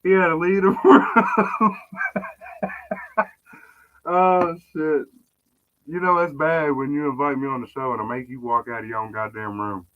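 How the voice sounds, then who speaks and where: A man's voice: mid-range voice, steady tone, moderate pace, pauses often, phone-quality sound, a little hiss or hum. A man talking in casual, profane, joking banter as a guest on a live podcast stream.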